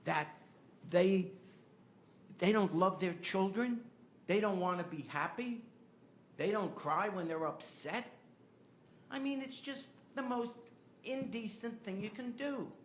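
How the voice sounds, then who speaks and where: A man's voice: sits high, a little hiss or hum. An older man, a podcast host, telling a personal family story and growing impassioned as he argues his point. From United States. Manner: earnest, rising to impassioned.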